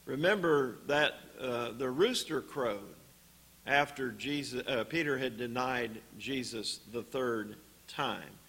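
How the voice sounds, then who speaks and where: A man preaching a sermon in a church, teaching on scripture in a deliberate way with pauses and "uh" fillers. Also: medium pitch, a bit bright, breathy edge.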